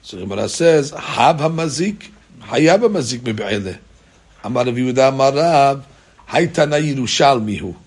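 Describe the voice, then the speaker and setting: A man's voice: mid-range voice, animated, fairly quick, slightly rough. A man teaching a daily Talmud class, reading out Aramaic text and explaining it in casual English with rhetorical questions and many fillers.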